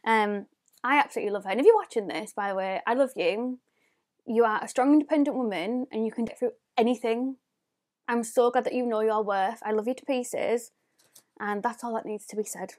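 A young woman talks through a casual unboxing, her voice sitting a little high. She rambles freely and scatters "like" through every sentence. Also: fairly quick, a little mellow. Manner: chatty, rambling, lots of "like" fillers. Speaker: beauty YouTuber.

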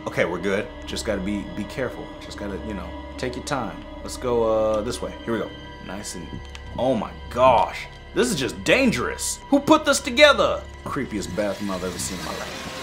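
Excitable young gaming commentator. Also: male voice, mid-range voice, fairly quick. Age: 20s. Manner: excitable, yelling and joking. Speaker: gaming YouTuber. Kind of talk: game commentary. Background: game music.

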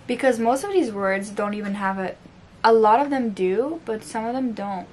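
Fairly high-pitched and at a moderate pace, this woman's voice belongs to a tired French-accented book vlogger. She chats casually while unboxing books at home, books lying on the floor, laughing at herself and stumbling over words.

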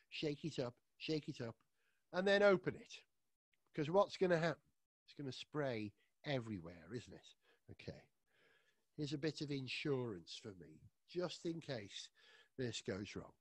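A man's voice: mid-range voice, big pitch swings, unhurried, pauses often, breathy edge, no echo. A man presenting a playful science demonstration from his living room and talking straight to children. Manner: enthusiastic, playful, addresses children directly.

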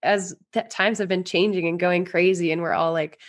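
A woman with a slightly low voice, speaking as a podcast guest. She talks earnestly and at length, rambling a little, her thoughts tumbling out in loose, casual phrases. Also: fairly even intonation, normal speed. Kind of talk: casual interview chat.

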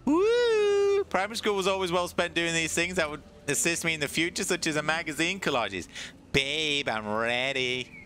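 A male streamer delivers casual, joking gameplay commentary, talking fast with hardly any pauses. He's excitable and now and then slips into goofy low voices.

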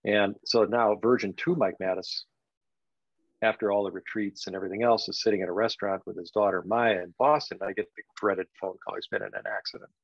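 An older man tells a personal story on a podcast, pausing often and leaning on "you know" as he reflects. His voice sits low and gravelly, with a creaky edge. The recording is dry and a little dull, like a basic lo-fi setup. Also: steady tone, no echo. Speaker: guest.

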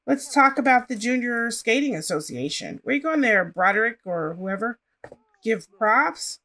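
A woman's voice: fairly high pitch, expressive, unhurried, fairly bright tone. A woman casually commenting on her life-simulation gameplay and chatting to her characters as she plays. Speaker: gaming channel host.

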